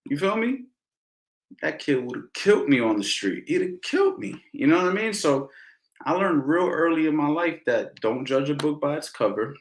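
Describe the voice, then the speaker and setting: A middle-aged man, a boxing coach, telling stories in a casual Q&A, animated and slangy, repeating phrases for emphasis. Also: on the high side, normal speed. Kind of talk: casual Q&A storytelling. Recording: roomy echo.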